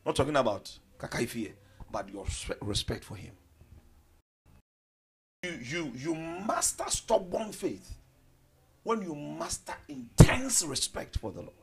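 A man preaching a sermon with passion, swinging between loud declarations and hushed low asides. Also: big pitch swings, a little slow, creaky, pauses often, background noise.

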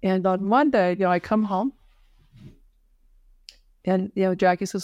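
A woman physician telling her personal story as a podcast guest, halting, with many fillers and restarts. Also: mid-range voice, darkish tone, no echo, highs cut off. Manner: emotional at moments. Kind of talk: personal story told in an interview.

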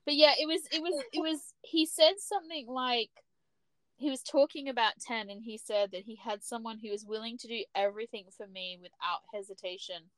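A woman's voice: fairly high pitch, a little fast, fairly bright tone, no echo. A woman co-hosting a podcast in casual chat, chatty and restarting often as she acts out her own reactions. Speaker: podcast co-host.

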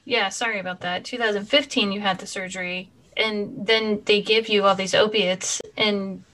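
A woman's voice: mid-range voice, fairly even intonation, moderate pace, pushed and bright. A woman interviewing a guest, asking attentive questions and checking that she has understood him.

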